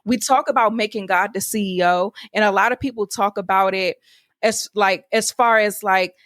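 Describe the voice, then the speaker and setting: A woman's voice: mid-range voice, normal speed, fairly bright tone, no room sound. Upbeat woman podcast host, dry sound. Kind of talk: casual interview chat.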